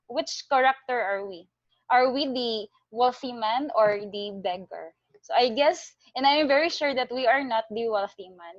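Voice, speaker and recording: A woman with a Filipino accent tells a parable and draws a sermon from it, earnest and expressive, now and then slipping into Taglish. Her voice sits fairly high. The recording is dry and close, with a dull, lo-fi sound. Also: dry recording. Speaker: Christian speaker on tithing. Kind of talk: storytelling sermon.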